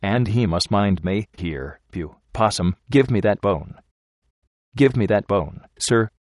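A man reading the part of a stubborn but tender young woman, speaking in a slow, coaxing, insistent way. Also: on the low side, lively intonation, a little mellow, dry recording, studio quality. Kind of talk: audiobook character reading.

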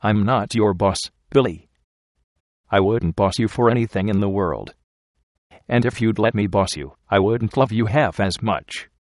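A man voicing a loving young wife who gently coaxes her husband to confide in her. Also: fairly low pitch, measured pace, no echo, clean studio sound, natural voice. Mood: teasing. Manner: gentle, coaxing and earnest.

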